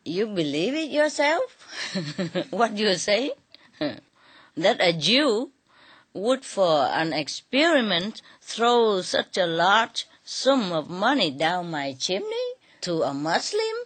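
A woman's voice: medium pitch, sing-song, fairly bright tone, slightly rough, full character voice. A woman voicing a sly, mock-innocent trickster mullah who teases and scoffs in a told folk tale. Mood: scoffing. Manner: teasing, mock-innocent, drawn-out.

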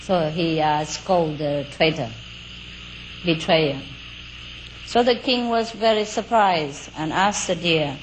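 Woman telling a story real slow, chatty asides, faint crickets in the background. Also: lowish voice, animated, rough recording. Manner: unhurried, chatty asides with fillers and little laughs. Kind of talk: casual oral storytelling. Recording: faint outdoor cricket noise.

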